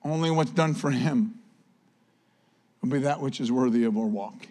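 A man's voice: mid-range voice, moderate pace, warm tone, long reverb tail. A male pastor preaching a sermon, impassioned, with repetition and rising exclamations.

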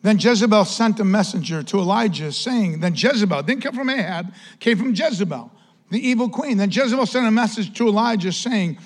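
A man preaching a sermon as pastor, telling the story with animated energy and acting out the quotes. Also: high-pitched, a little fast, big-room sound.

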